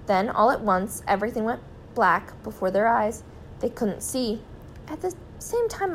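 A woman's voice: medium pitch, slight background noise, low-quality recording. Woman reading a children's story aloud.

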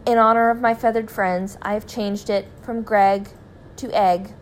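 A woman's voice: mid-range voice, steady tone, measured pace, a little hiss or hum, natural voice. A woman reading aloud, voicing a frightened middle-aged man who begs and promises eagerly. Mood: proud. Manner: pleading, eager.

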